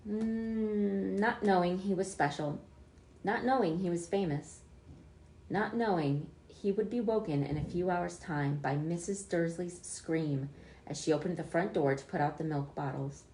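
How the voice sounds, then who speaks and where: A woman reading a children's book aloud, expressive, with small slips she corrects. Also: deep voice, echoey room. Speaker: storyteller.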